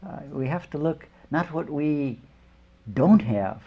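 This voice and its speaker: An older man teaches as a spiritual leader, rambling through a homely sermon full of stories and chuckled asides. His voice is gravelly and a little husky. The lecture recording sounds dull and lo-fi. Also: on the high side, animated, slow. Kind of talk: informal sermon with storytelling.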